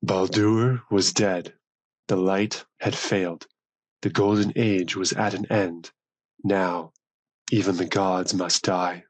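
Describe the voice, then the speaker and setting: A man narrating a myth audiobook in a measured, solemn storytelling manner. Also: low-pitched, slightly rough, dry recording, rough recording. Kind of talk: scripted narration.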